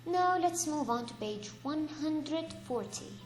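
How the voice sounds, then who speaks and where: A woman teaching an English grammar lesson, reading example sentences aloud slowly and patiently, and correcting her own slips. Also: high voice, animated, a little mellow. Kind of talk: slow, deliberate lesson for young learners. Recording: echoey room with faint music.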